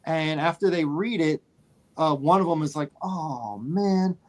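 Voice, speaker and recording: A man co-hosting a casual movie podcast, telling a story in an animated way and repeating phrases for emphasis. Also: fairly high pitch, normal speed. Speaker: podcast co-host.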